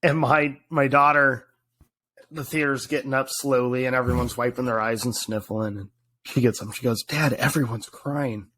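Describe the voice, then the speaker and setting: A man in his thirties, co-hosting a podcast, telling stories in a casual, animated way with lots of fillers and restarts. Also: medium pitch, normal speed. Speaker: podcast co-host. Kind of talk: casual chat.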